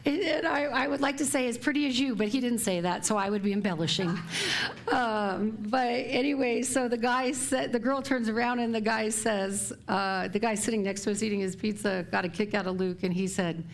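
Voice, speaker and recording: A middle-aged woman minister giving a live sermon to her congregation, chatty and quick to laugh as she tells stories. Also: on the high side. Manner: chatty and warm, laughing often while telling stories. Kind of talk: sermon talk. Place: church sanctuary before a live congregation.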